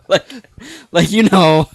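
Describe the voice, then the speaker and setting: A man's voice: high-pitched, creaky, a little hiss or hum. A man co-hosting a hobby podcast, chatting casually and joking as he steers the segments. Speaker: podcast co-host. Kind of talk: casual chat.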